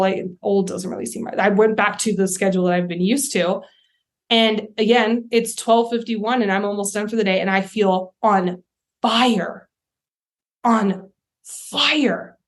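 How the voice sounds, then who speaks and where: A young adult woman hosting her own podcast, talking casually and candidly, often acting out her own thoughts as quoted asides. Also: medium pitch. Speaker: podcast host, life coach. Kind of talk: casual solo podcast talk.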